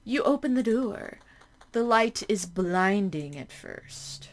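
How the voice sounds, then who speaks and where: A woman reads a horror game's text aloud at a mid pitch, stopping now and then for startled, chatty remarks to herself. Steady background noise runs under the voice. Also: takes it slowly. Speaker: game streamer. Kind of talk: reading a horror game aloud with reactions.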